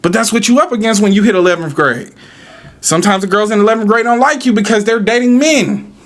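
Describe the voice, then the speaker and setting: A man rants on his podcast in a fairly high voice. He is animated and profane, firing rhetorical questions and answering them himself. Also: fast. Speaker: podcast host. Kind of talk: casual podcast rant.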